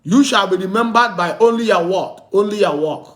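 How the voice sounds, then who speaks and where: A man preaching a sermon, teaching with slow, emphatic repetition and asking the listeners questions he answers himself. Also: high voice, a bit bright. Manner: repetitive call-and-response teaching, asks "what?" and answers; slow, emphatic delivery with drawn-out words.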